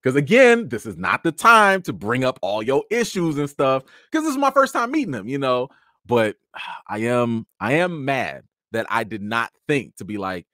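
A man casually telling stories from an awards show, chatty with many fillers, jumping into a high excited voice when acting out his encounters. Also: moderate pace, no room sound, studio quality. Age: adult with a child. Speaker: vlogger recounting an awards show. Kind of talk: casual storytelling chat.

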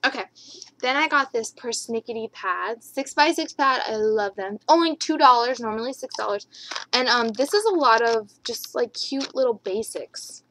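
Woman vlogger, bubbly high voice, gushing show-and-tell haul, chatty and rambling. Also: normal speed, fairly bright tone, a little hiss or hum, low-quality recording. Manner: gushing, repeats her enthusiasm ("love, love, love").

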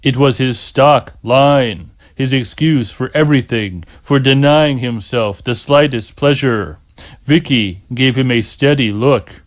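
A man narrating an audiobook in a slow, measured reading. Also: mid-range voice.

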